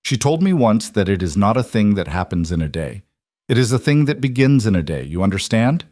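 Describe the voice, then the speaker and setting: Guy putting on a sly greek mob elder, greek accent, low and pushy, dry sound. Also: sing-song, a little fast, a little mellow, no room sound. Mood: confiding. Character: older Greek mob boss, sly and worldly.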